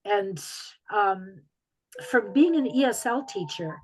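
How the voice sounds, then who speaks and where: A woman's voice: medium pitch, animated, slow, a little mellow, a little hiss or hum, rough recording. A woman from Michigan's Upper Peninsula with its accent, an author telling stories in a video call Q&A, chatty with frequent ums. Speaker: author guest. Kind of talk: casual talk in a video call Q&A.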